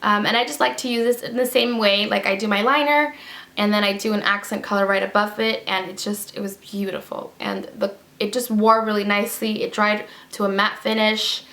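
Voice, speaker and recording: A woman's voice: mid-range voice, fairly even intonation, a little fast, sharp tone. A woman giving a casual, chatty product review with lots of fillers and emphatic repeats. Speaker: beauty vlogger. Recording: roomy echo.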